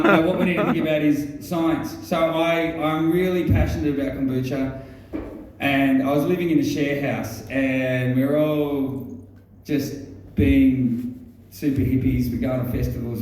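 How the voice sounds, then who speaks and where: An Australian man telling a rambling stand-up story, stumbling through ums and restarts and swearing as he goes. His voice is mellow and of middling pitch. He is picked up from a distance in a very echoey venue. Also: slight background noise. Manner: halting, many ums and restarts, swears freely. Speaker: stand-up comedian. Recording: very echoey room, mic far off.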